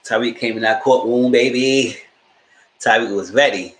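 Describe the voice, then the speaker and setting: A man in the middle of his range, chatting through a live TV recap in a loose, lively way. He keeps jumping into the characters' lines as he retells each scene. The room around him rings with a noticeable echo. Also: mid-range voice, moderate pace. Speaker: TV show reviewer.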